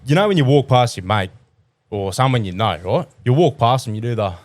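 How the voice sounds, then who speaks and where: A man's voice: mid-range voice, brisk, no echo. An Australian tradesman co-hosting a casual podcast, telling crude stories full of swearing. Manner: crude, swearing, animated storyteller. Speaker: podcast co-host.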